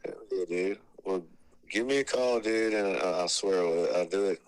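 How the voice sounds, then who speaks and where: A man with a lowish voice chats on a call with his old bandmate. He is blunt and relaxed, swearing freely and laughing at himself. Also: normal speed, smooth, poor audio. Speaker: guest, former bandmate. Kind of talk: casual phone chat.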